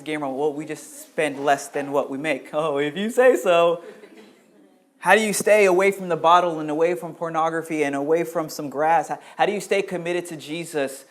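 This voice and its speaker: A man preaching a sermon as pastor, moving between loud urgent questions and quiet low passages, and calling on people in the congregation by name. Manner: addresses congregation members by name.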